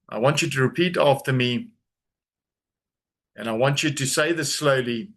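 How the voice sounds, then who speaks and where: A man leading a guided grounding exercise on a video call, giving slow, calm, soothing instructions with long pauses. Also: mid-range voice. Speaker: trauma coach leading a webinar.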